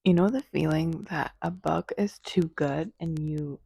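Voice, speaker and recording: Young woman gushing about her book in a slow easygoing vlog, mellow voice, dry close mic. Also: low-pitched, creaky, breathy edge, no room sound. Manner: gushing, excitable, reads lines aloud. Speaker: book vlogger. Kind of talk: casual reading vlog commentary.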